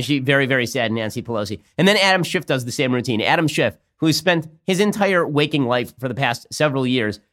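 Man, podcast host, political commentary, sarcastic, mocking, quick talker. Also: mid-range voice, a bit bright.

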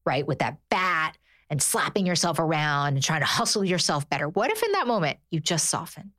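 Lower-voiced woman, earnest and animated. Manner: earnest, animated, voices her inner thoughts. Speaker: therapist, podcast guest. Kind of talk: casual chat.

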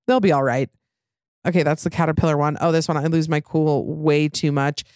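A woman's voice: low-pitched, fairly even intonation, a little fast, darkish tone, dry recording, studio quality. A young adult woman hosting a casual, candid chat, rambling with many fillers and frank swearing.

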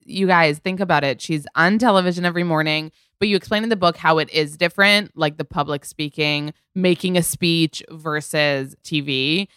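A young woman hosts an interview, chatting casually and enthusiastically. Her voice is low and smooth. The recording is close and dry. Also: moderate pace, few pauses, a bit bright, no echo. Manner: enthusiastic, gushing. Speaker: podcast host.

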